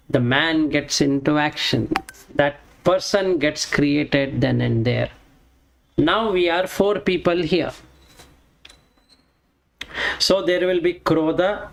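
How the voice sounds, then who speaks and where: Slow man teaching Sanskrit scripture. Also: on the high side, rough recording. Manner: chants Sanskrit verses then explains word by word. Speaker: Vedanta teacher.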